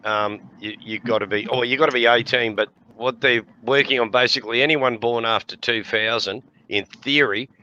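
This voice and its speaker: Australian man, sixties, bright forceful voice, laughs a lot, swears, dull lo-fi recording, faint hiss. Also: medium pitch, fairly even intonation, normal speed, hardly any pauses. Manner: laughing storyteller, swears freely. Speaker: podcast host. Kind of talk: casual chat.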